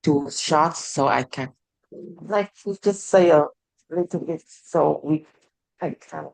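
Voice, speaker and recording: Hesitant English learner, slow and broken. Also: mid-range voice, gravelly, dry recording, low-quality recording. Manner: hesitant, short broken answers. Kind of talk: answering in an online lesson.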